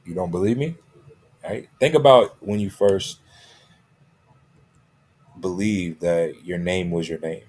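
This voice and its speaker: A man with a low, husky voice gives a motivational coaching talk. He leans on repeated key phrases and punctuates nearly every point with "right?" or "okay?". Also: slow, long pauses, a little mellow. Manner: checks in constantly with "right?" and "okay?".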